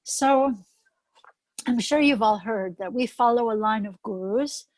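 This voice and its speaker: An older woman giving a devotional talk, earnest and storytelling, reading scripture verses aloud slowly. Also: on the high side, no room sound, low-quality recording. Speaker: spiritual teacher.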